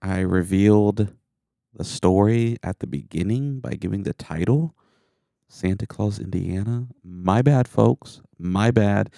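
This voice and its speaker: Gravelly, deep-voiced male podcast host. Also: a little slow, no room sound, clean studio sound. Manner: animated, self-deprecating. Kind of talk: casual chat.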